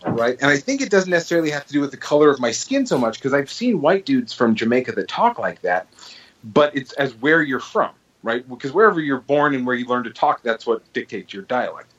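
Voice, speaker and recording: A man's voice: mid-range voice, big pitch swings, brisk, fairly bright tone, breathy edge, dull audio. A man co-hosting a podcast, chatting casually and telling stories animatedly with frequent restarts. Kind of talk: casual chat.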